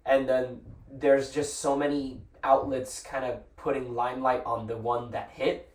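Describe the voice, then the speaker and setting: A man's voice: medium pitch, level tone, measured pace. A man co-hosting a podcast in casual chat, animatedly retelling a story he read. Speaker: podcast co-host. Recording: roomy room sound, mic set at a distance.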